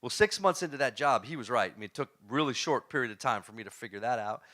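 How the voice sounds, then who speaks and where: Guy giving a storytelling talk, animated, laughs a lot, tense punchy tone. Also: mid-range voice, fast. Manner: animated, asks the audience questions; laughs often while telling stories. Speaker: motivational speaker. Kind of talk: storytelling talk to a live audience.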